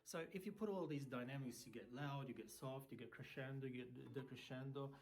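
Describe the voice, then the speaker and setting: A man's voice: mid-range voice, a little mellow. A man teaching violin terms, repeating each word and spelling it out letter by letter. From Italy. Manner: repeats words slowly, spells them out letter by letter. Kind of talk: casual spoken lesson.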